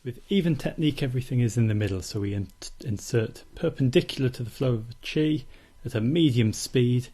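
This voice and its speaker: A man calmly teaching acupuncture technique in a steady, methodical instructional demonstration. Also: medium pitch, fairly quick, few pauses. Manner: calm, steady, methodical explaining.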